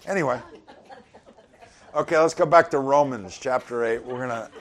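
A man's voice: mid-range voice, normal speed. A middle-aged man giving an informal sermon, conversational with chuckling asides. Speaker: pastor.

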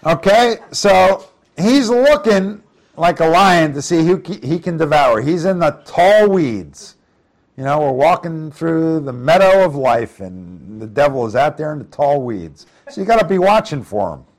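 A middle-aged preacher leads a Bible study, reading verses aloud and then explaining them in a casual, conversational way. His voice is a little high and sing-song, at a measured pace, and he puts questions to the group.

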